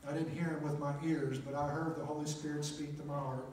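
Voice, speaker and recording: A middle-aged man telling a testimony from the pulpit of a small chapel, plainspoken and full of filler words. His voice sits a little high for a man. It is picked up from some distance and rings through the room. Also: level tone, a little fast, darkish tone, slight background noise. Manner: plainspoken storyteller, many "uh" and "make a long story short". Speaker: preacher. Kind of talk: testimony sermon. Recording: echoey chapel, mic at a distance.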